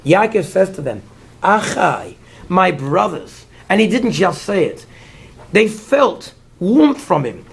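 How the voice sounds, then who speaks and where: A high-pitched man with a gravelly, husky voice gives an animated Torah lecture. He mixes Hebrew terms into his English explanations and slips into the voices of the people in the story. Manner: animated, acts out the figures in the story. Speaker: Torah teacher.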